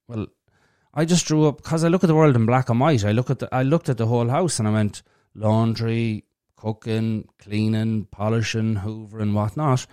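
A man talks through his views on a solo podcast in a blunt, plain-spoken way, swearing without a second thought. His voice sits at an ordinary pitch for a man. The sound is dry and close, with no room echo. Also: a little mellow. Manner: blunt, frank, swears freely; thinks aloud with fillers and restarts. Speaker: podcast host. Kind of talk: casual solo podcast talk.

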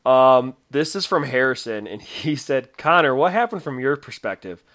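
Guy cohosting a podcast, giggles a lot, mid pitch, dry close mic. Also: lively intonation, moderate pace, a bit bright, no room sound. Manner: laughs often, quotes others in a put-on voice. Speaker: podcast co-host. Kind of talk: casual chat.

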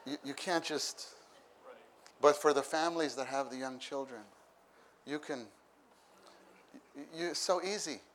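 A man of middle pitch gives a conversational sermon, talking with his listeners rather than at them. He repeats phrases for emphasis and acts out the people in his stories. Faint ambient noise sits behind his voice. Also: measured pace, pauses often, a bit bright. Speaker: preacher.

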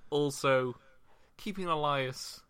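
A young British man co-hosting a casual wrestling podcast, laid-back and quick to laugh. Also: on the high side, sharp tone, clean tone. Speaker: podcast co-host. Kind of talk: casual wrestling review chat.

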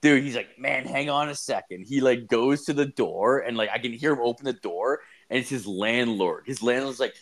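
A man's voice: mid-range voice, normal speed, few pauses. A young man co-hosting a podcast, rambling and swearing constantly as he retells a story, jumping into a raised voice for the quotes. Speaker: podcast co-host. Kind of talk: casual profane chat.

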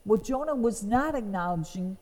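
A woman's voice: mid-range voice, expressive, moderate pace, darkish tone, long reverb tail, rough recording. A woman teaching from the Bible, reading verses aloud and explaining them earnestly. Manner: reads scripture aloud, then explains it earnestly.

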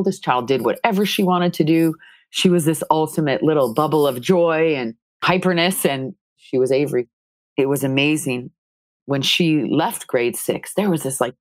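A woman's voice: sits low, normal speed, no room sound. A woman, a mother, giving an earnest, emotional account of her family's story. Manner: earnest, retelling scenes with quoted dialogue.

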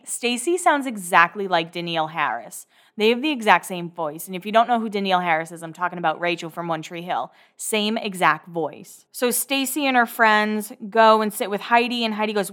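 A woman hosts a casual podcast, recapping a show in a rambling, chatty way with sarcastic asides and quick self-corrections. Her voice is medium-pitched and a bit bright.

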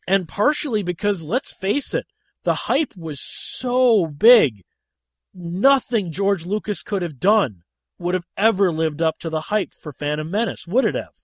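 A man hosting a casual movie chat, talking in an animated, emphatic way. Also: no room sound. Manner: animated and emphatic, with sharp rises in pitch when making a point.

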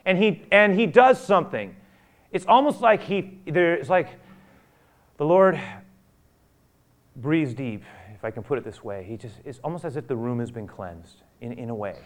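A man preaching a sermon, acting out scripture quotes and swinging from loud urgent peaks down to a hushed near-whisper. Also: on the high side, lively intonation, normal speed, long pauses. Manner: acts out quotes of biblical figures. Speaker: pastor.

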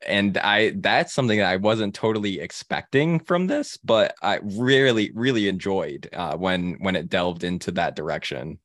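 A young man hosting a casual film discussion, halting with many restarts and fillers. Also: sits low, a bit bright, no echo, clean studio sound. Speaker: film podcast host.

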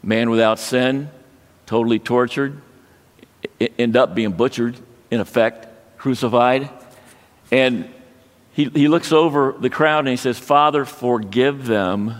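A man preaching a sermon, telling a personal story in a halting way with frequent restarts. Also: medium pitch, steady tone. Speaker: pastor. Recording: long hall reverb.

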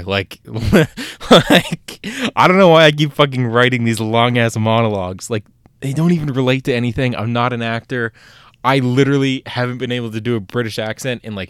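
A man's voice: lowish voice, fairly bright tone, smooth, dry recording. A man hosting a solo podcast, talking in a rambling, profane way, full of "like" and fillers. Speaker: podcast host. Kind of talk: casual solo podcast rant.

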